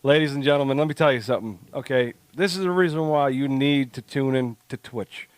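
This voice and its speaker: A man's voice: medium pitch, fairly quick, clear, resonant tone, dry recording. A man co-hosting a podcast, ranting in crude, joking, casual banter. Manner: loud, crude, joking rants. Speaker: podcast co-host.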